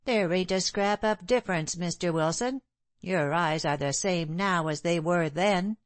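A woman's voice: fairly low pitch, unhurried, dry recording, close to an everyday voice. A woman reading a stubborn old-time landlady. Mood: insistent. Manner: insistent, sharp-tongued. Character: stubborn, indignant London landlady, middle-aged woman.

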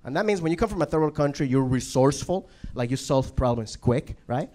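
Venezuelan man doing lively stand-up. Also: fairly high pitch, a little fast. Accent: Venezuelan Spanish. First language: Spanish. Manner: animated, swearing, acts out voices. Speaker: stand-up comedian. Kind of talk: stand-up comedy set. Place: comedy club stage. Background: audience laughter.

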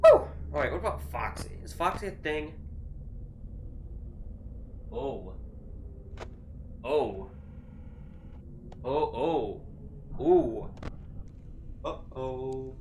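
A man's voice: mid-range voice, very animated, extremely slow, pauses often, darkish tone, reverberant, a little hiss or hum. A man playing a VR horror game as a YouTuber, jumping between nervous laughter and frightened shrieks. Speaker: gaming YouTuber.

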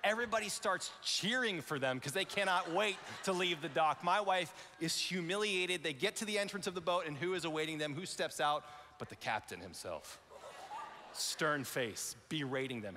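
A man, a pastor, telling a lively story in a sermon, acting out the voices of the people in it. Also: a little high, normal speed, long reverb tail, slight background noise. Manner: animated, acts out voices in his story. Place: large church auditorium.

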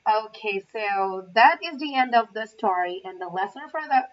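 A woman's voice: mid-range voice, expressive, moderate pace. A woman training as an English teacher, reading a children's story aloud carefully, with small asides. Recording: muffled, from far off the mic.

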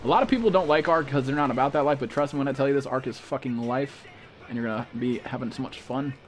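Dude streaming a game, swearing nonstop, hyped and goofy, kinda noisy mic. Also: male voice, medium pitch, fast talker. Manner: profane, excitable, calls viewers bro and dude. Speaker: gaming streamer. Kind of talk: casual live-stream commentary.

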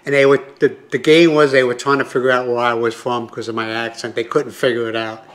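A man's voice: mid-range voice, little pitch movement, brisk, fairly bright tone. An older man from the United States, telling a long story to his vlog audience in a rambling, conversational way with many asides. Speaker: vlogger. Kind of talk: casual storytelling to camera.

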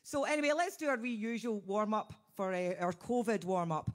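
A woman's voice: mid-range voice, animated, a little fast. A Scottish woman hosting a chatty live stream as a singing teacher, bubbly and laughing often, with a slight frog in her throat.

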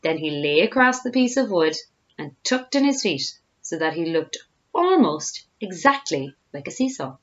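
A woman reads a children's story aloud in a lively, rising and falling voice, pitched on the lower side. The recording is dull and lo-fi. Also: moderate pace. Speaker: teacher reading to pupils.

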